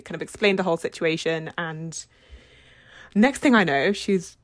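A woman's voice: fairly low pitch, normal speed, no echo. Young woman, dry close sound. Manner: awkward, self-deprecating storytelling with frequent laughs. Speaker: podcast co-host. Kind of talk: casual chat.

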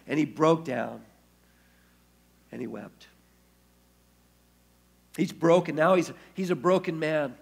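A man's voice: mid-range voice, moderate pace, gravelly, long pauses, breathy edge. A man preaching a sermon as pastor, telling the story and acting out the quoted speech. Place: church.

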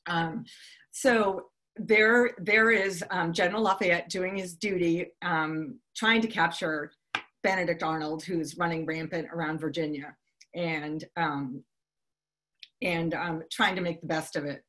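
A woman's voice: on the low side, steady tone, measured pace, a bit bright. A woman from Boston giving a live talk to an audience, telling a history story in a conversational way with frequent ums and restarts. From Boston, United States.

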